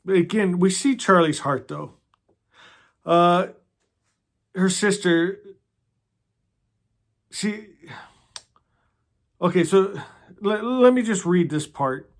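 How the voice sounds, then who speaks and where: A man hosting a casual book club, talking earnestly and emotionally, often stumbling over restarts and sinking into a soft hush. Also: high-pitched, takes it slowly, pauses often. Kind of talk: casual book discussion with read-aloud passages.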